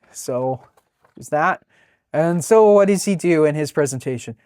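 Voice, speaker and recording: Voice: medium pitch, animated, unhurried, warm tone, no room sound, clean studio sound. A webcomic artist casually narrating a sketchbook tour, talking in a rambling, chatty way with many fillers.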